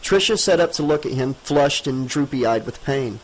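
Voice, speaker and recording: A man's voice: medium pitch, moderate pace, few pauses, low-quality recording. Man narrating a horror audiobook. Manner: steady, dramatic reading.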